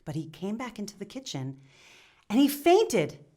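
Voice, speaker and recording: With huge pitch swings and a warm tone, a woman speaks at a moderate pace in a medium-pitched voice. She plays a remorseful, humble young man from a village who earnestly confesses his guilt, stumbling and restarting his words.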